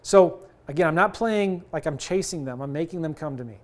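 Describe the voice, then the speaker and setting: A man's voice: fairly high pitch, expressive, fairly quick. A middle-aged man coaching on real estate deals in a casual, conversational way, acting out bits of seller calls. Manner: conversational, acts out both sides of sales calls. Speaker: real estate investing teacher.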